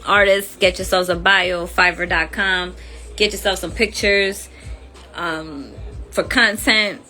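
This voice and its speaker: This livestream host talks into her phone in a relaxed, sociable way, her English accented and peppered with slang. She has a sharp-toned voice of medium pitch.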